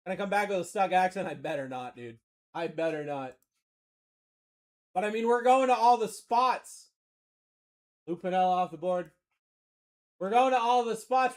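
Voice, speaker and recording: Excitable high-voiced man with a Maine accent. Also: moderate pace, pauses often. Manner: energetic, shouts big pulls, slangy banter. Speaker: card-breaking livestream host. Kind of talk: excited live sales commentary.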